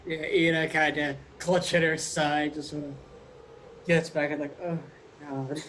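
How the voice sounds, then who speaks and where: A man playing a tabletop game, answering quickly and casually. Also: a little high, little pitch movement, fairly bright tone, a little hiss or hum, rough recording. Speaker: player. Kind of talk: tabletop role-play.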